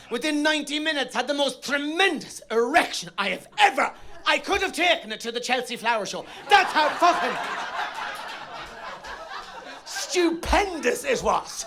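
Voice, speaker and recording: Irish guy doing stand-up, very high voice, loud rowdy bawdy storytelling, yells the punchlines. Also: lively intonation, moderate pace. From Ireland. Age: middle-aged. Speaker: stand-up comedian. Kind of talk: stand-up comedy routine. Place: theatre stage.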